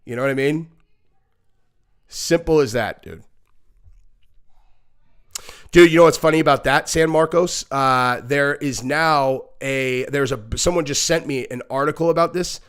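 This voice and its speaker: A man with a fairly high voice hosts a casual live reaction stream. He rambles bluntly, swears freely and leans on fillers. When he acts out kids or dogs, he jumps into high, shrieking squeals. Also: moderate pace, fairly bright tone, smooth. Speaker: podcast host.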